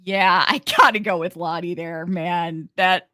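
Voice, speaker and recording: A woman co-hosting a casual podcast, laughing often and speaking in halting bursts with restarts. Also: fairly low pitch, fairly even intonation, sharp tone, no echo, clean studio sound. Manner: giggly, halting, many restarts. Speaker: podcast co-host.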